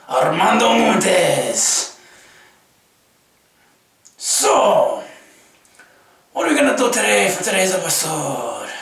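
A man voicing a swaggering young cholo web-show host who drawls slow homie slang and keeps saying "homie" and "I say". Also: high voice, gravelly, pushed and bright, heavily acted. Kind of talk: comedy web sketch. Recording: echoey room from far off.

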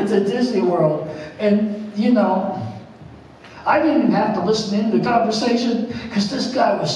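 A man preaches in a high, light voice, mixing jokes and laughter into his message. He stands a little off the mic, and his voice booms around a very echoey church hall. A faint hum sits underneath. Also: a little mellow, recorded from a distance. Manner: jokey storytelling preaching, laughs often. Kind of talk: sermon. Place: church sanctuary.

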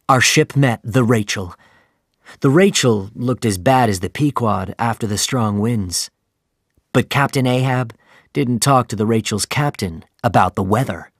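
A man narrating a simplified storybook in a slow, clear reading manner. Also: lowish voice, no echo, clean studio sound. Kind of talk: graded reader audiobook narration.

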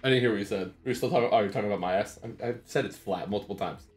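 A man's voice: fairly low pitch, rapid-fire, faint music behind. A young man streaming, chatting casually with jokes and swearing. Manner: joking, swearing, animated banter. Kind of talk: casual livestream chat.

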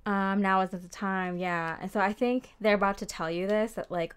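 A woman's voice: medium pitch, fairly even intonation, normal speed, few pauses, clear, resonant tone. A young woman giving a casual tarot reading, chatty and full of fillers, often acting out what people might say. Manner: chatty, lots of fillers and quoted voices. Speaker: tarot reader.

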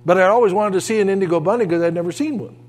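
Older male pastor, high voice, folksy preacher in a reverberant church hall. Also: rapid-fire. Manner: folksy storytelling, animated asides. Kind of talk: sermon. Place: church sanctuary.

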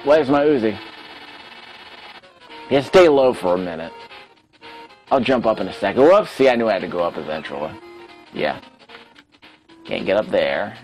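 This let's play host has a deep voice, captured with poor audio. While working through a retro game, he keeps up a casual running monologue to himself, frequently knocking his own performance.

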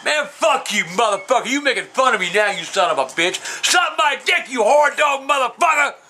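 A cranky old trailer-park man, played by a man rants through a comedy Q&A in a strikingly high, piercing voice. He swears constantly, rambles off topic and insults whoever asked the question. His delivery is bright and edged rather than gruff. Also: expressive, moderate pace, a little hiss or hum, exaggerated voice, rough recording. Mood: yelling. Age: older. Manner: profane, rambling, insulting ranting. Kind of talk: comedic character Q&A.

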